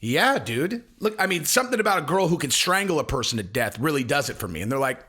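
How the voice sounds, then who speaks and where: With a husky, sharp, fairly high voice in a quick, sing-song delivery, a male online commentator rambles through a crude casual rant to camera. He regularly breaks off his own sentences partway through.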